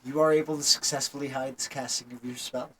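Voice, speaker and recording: A man as game master, calmly narrating the outcomes of the players' actions. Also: medium pitch, fast talker, a little hiss or hum, poor audio.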